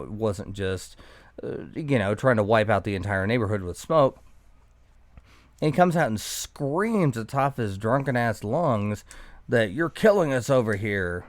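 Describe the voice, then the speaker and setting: Low, smooth-voiced man telling a profane story. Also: no room sound. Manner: profane, sarcastic, rambling. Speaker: podcast guest. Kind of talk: casual storytelling chat.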